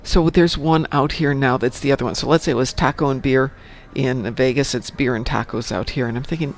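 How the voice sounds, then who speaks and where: A man's voice: medium pitch, steady tone, brisk, few pauses, a little hiss or hum. A man in his sixties casually chatting on a live stream, reading the chat aloud and telling dad jokes. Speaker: stream co-host.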